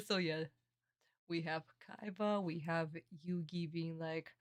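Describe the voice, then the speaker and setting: A woman streamer giving casual reaction commentary on an anime, animated and affectionate, calling her viewers darlings. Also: lowish voice, slow, no room sound, studio quality.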